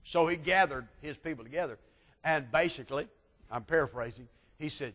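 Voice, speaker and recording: A preacher with a somewhat high voice retells a Bible story in a sermon. He acts out the speakers and swings between loud peaks and quiet asides. His voice carries a long reverb from a large hall. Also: fairly quick. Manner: dramatic storytelling preaching, acting out quotes, swinging loud to soft.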